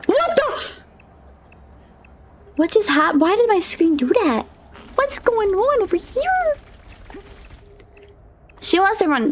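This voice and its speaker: A woman's voice: extremely high pitch, noisy background. A young woman streaming a game live, shrieking, laughing and pleading as she plays. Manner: excitable, shrieking and laughing under pressure; swears and pleads rapidly. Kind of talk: live gaming stream commentary.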